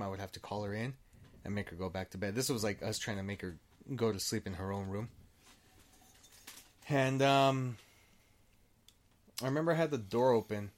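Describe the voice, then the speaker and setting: Casual swearing man telling a story. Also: on the low side. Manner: swears freely, acts out quoted dialogue; rambling, with frequent restarts. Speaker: storyteller guest.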